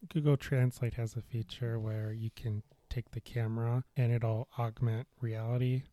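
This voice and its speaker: A man's voice: mid-range voice, flat delivery, normal speed, dark tone. A man guest on a podcast, explaining things in a casual chat and hedging his points.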